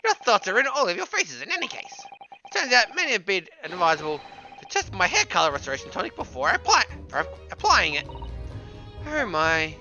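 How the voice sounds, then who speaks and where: A streamer voicing an eccentric, flamboyant male detective in a high, theatrical, grandiose manner while reading game dialogue. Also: huge pitch swings, brisk, pushed and bright, highs cut off, soft background music, full character voice. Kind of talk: game dialogue read-along.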